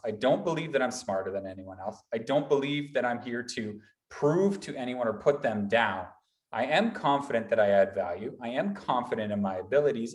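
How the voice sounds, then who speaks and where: A man presenting a motivational workshop, talking in lively repeated lists like a college instructor. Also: medium pitch, reverberant. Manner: animated, builds repetitive lists.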